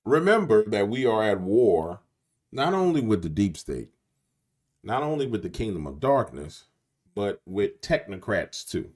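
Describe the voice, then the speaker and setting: Emphatic New Orleans man, low voice. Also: sing-song, unhurried, darkish tone. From Louisiana. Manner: emphatic, preachy, talks straight to viewers. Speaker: YouTube host. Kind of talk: late-night commentary monologue.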